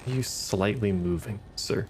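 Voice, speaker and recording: Wry, gravelly gaming streamer man. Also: lowish voice, a little slow, background noise. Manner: muttering, wry, swears at enemies. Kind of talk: casual gameplay commentary.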